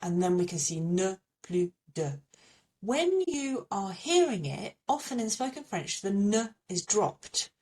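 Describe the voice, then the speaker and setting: A woman's voice: mid-range voice, sing-song, unhurried, a little mellow, far from the mic. A woman with an English accent teaching a French pronunciation lesson, patiently repeating little memory tips.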